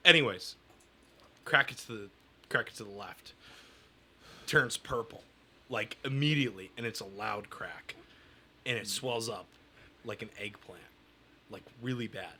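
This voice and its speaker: A man's voice: fairly low pitch, a little slow, pauses often, pushed and bright, slight background noise. A young man telling a crude personal story in casual chat, rambling and laughing as he goes. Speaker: comedian guest.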